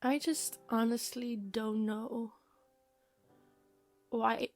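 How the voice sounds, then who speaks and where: A young woman in her twenties talking in a casual personal vlog, halting and emotional, with many fillers. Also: fairly high pitch, level tone, faint music behind. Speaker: vlogger. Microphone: microphone.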